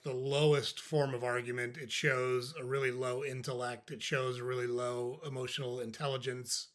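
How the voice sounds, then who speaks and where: Bright-voiced older man giving dry advice. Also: medium pitch. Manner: conversational, dry, acts out sample replies. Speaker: podcast host. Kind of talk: casual advice talk.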